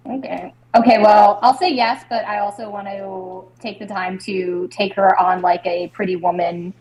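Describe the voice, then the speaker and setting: A woman's voice: medium pitch, fairly even intonation, normal speed, a little mellow, poor audio. Playful woman player. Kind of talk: casual tabletop-game chat.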